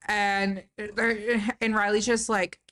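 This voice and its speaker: A woman's voice: medium pitch, flat delivery, slow pace, fairly bright tone. A woman co-hosting a podcast, recapping a film casually with fillers and restarts. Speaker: podcast co-host. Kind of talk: casual movie discussion.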